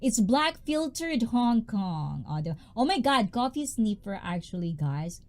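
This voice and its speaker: A woman, hosting a casual livestream in a loud, bubbly, chatty way and greeting viewers by name. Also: big pitch swings, measured pace. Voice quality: high-pitched. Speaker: livestream host.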